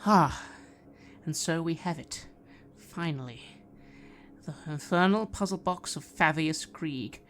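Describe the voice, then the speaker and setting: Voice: mid-range voice, fairly bright tone, slight background noise. A game master playing a composed middle-aged archmage woman. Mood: formal. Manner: measured, courteous, commanding.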